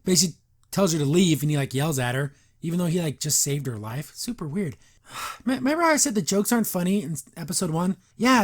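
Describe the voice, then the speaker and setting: A podcast host giving a casual recap and review of a cartoon episode. The host rambles, uses lots of fillers and sounds wry and incredulous. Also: medium pitch.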